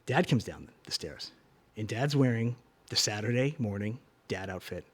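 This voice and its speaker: Husky man telling a wild story. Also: on the low side, normal speed. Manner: animated, profane storyteller, drops to whispers. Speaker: podcast co-host. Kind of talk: casual storytelling chat.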